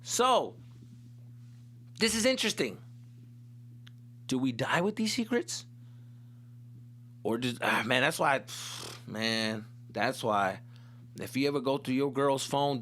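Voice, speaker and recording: A young man hosting a comedy podcast, telling stories in a loose, profane way and breaking into exaggerated impressions. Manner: animated, profane, swings into loud high-pitched impressions. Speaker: podcast host. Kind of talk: casual comedic storytelling.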